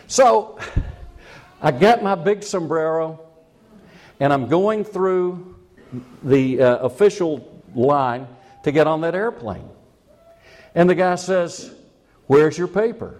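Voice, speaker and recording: A man's voice: on the high side, slow, long pauses, darkish tone. A man preaching a sermon, telling a personal story in a chatty, self-mocking way and chuckling at his own jokes.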